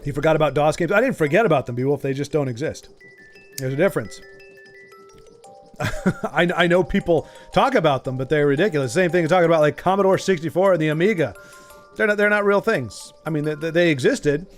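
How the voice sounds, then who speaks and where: A man's voice: on the high side, fairly quick, soft background music. A man streaming a video game, chatting casually and jokingly with his viewers in a rambling way. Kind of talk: casual live-stream chat.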